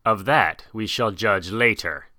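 A man's voice: medium pitch, expressive, a little slow, bright, forceful tone, smooth, dry recording, studio quality. A man reading aloud and voicing a proud, battle-worn male panther who speaks out of breath. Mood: stern. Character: proud black panther, male, battered and dry.

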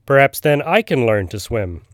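A man's voice: mid-range voice, very animated, normal speed, no room sound, close to an everyday voice. Young male rabbit, eager, wistful, pleading, storybook, read by a man, dry sound.

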